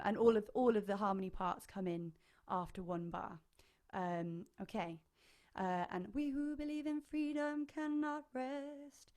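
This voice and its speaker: A woman choir leader teaching harmony parts online, chatty and enthusiastic, singing short phrases to demonstrate. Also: medium pitch. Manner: enthusiastic, hesitant fillers.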